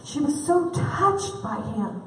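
A woman's voice: sits high, very animated, takes it slowly, slight background noise. A woman conference speaker giving a humorous faith talk, candid and self-deprecating, laughing often, heard from a distant mic in a large event hall.

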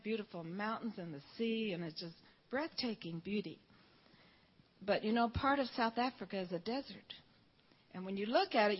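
An older woman from Georgia, telling a fervent story-filled testimony at church. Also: mid-range voice. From Georgia, USA. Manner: storytelling, fervent, quotes people in dialogue. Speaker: church speaker giving testimony. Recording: dull lo-fi recording.

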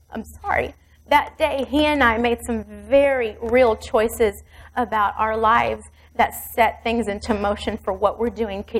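A middle-aged woman pastor telling a personal story in a sermon, vivid and intimate. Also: a little high.

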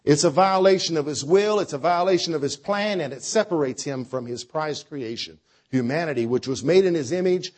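A man preaching a sermon with a conversational style, dropping to quiet lines and rising to loud, drawn-out phrases. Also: fairly high pitch. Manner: preacher with a dynamic delivery, swinging between soft and loud. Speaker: pastor.

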